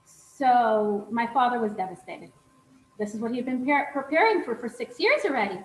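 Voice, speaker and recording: A woman telling family stories as an interview guest, animated and using frequent "um" fillers. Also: fairly high pitch, normal speed. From Charlotte, North Carolina. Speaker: rebbetzin and teacher, interview guest. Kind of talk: storytelling in a casual interview. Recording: echoey room with faint background noise.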